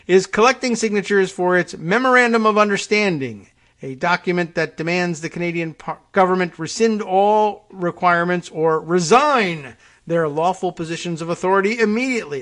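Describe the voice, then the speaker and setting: A man's voice: high voice, animated, brisk, fairly bright tone. A man hosting a radio talk show, reading news items aloud and breaking off into dry, sarcastic asides with frequent fillers and restarts.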